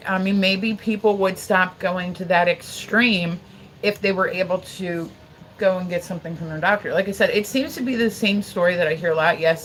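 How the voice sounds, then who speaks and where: A woman's voice: lowish voice, slight background noise, low-quality recording. A woman in her forties telling a long story on a livestream in a casual, rambling way. She swears freely, leans on "like" constantly, and breaks off to thank viewers. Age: 40s. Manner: chats to viewers between stories.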